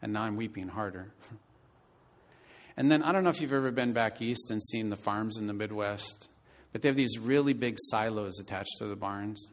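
A man's voice: on the low side, moderate pace. Earnest man in his fifties preaching. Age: 50s. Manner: earnest personal storytelling. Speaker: pastor. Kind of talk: sermon.

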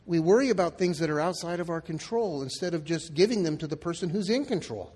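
A man's voice: a little high, animated, quick pace, a little mellow, breathy edge, big-room sound. A male pastor preaching a sermon in a casual, conversational way, acting out the quoted lines. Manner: conversational, acts out quotes in dialogue.

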